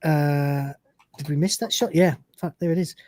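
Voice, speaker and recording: A man's voice: on the high side, moderate pace, warm tone, dry recording. Brief: male podcast host, recap chat, dry close mic. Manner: narrates scenes, reads quotes aloud, fillers. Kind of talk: live episode recap chat.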